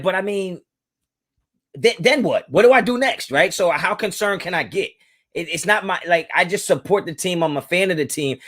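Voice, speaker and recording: Chatting through viewer comments on his live stream, a young man sounds laid-back and uses lots of slang. His voice has a sharp tone, and he laughs often with a pitch that moves up and down.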